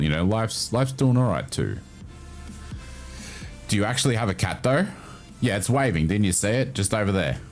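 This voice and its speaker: Deep voiced guy streaming, swears a lot, really lively up and down delivery. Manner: animated, swearing, laughing, reacting to chat. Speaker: livestreamer reading chat. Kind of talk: casual livestream chat.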